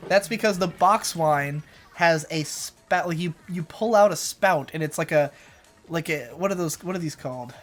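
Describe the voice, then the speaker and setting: A man's voice: a little high, moderate pace, soft background music. A young man co-hosting a casual gaming chat at home, rambling through a story with loose swearing and jokey exaggeration. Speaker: co-host. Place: home room.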